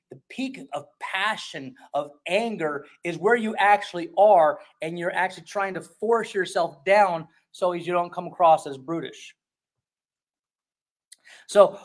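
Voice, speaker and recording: A man preaching a sermon as pastor, shifting between soft and intense delivery and reading scripture aloud, sometimes repeating words as he searches for a phrase. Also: high voice.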